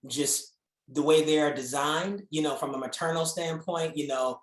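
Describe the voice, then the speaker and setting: A man's voice: on the high side, moderate pace, echoey room, low-quality recording. A man hosting an interview, eager and friendly, often stammering and repeating words as he asks his questions. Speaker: host.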